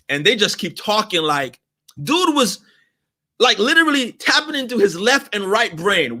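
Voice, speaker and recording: Bright, emphatic middle-aged man teaching. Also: high voice. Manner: exasperated, laughing, emphatic. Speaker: customer service teacher. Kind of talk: animated storytelling lesson.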